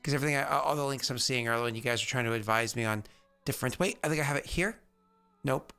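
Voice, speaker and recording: Guy game master, bright sharp voice, rambly with lots of ums. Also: medium pitch, fast talker, gravelly, smooth, faint music behind. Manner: chatty, rambling, with many fillers. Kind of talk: narrating a tabletop game.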